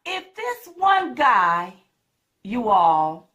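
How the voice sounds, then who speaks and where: A woman's voice: a little high, very animated, extremely slow, pushed and bright. A woman co-hosting a political commentary show, talking emphatically, repeating words and asking rhetorical questions. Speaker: co-host.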